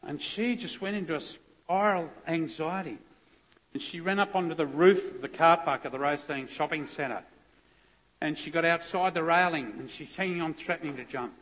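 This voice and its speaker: A middle-aged man with a slightly higher voice tells a heartfelt personal story in an earnest, conversational way. He often restarts his sentences as he speaks. His voice rings with the long reverb of a large hall. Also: moderate pace, fairly bright tone. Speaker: police officer giving a guest testimony.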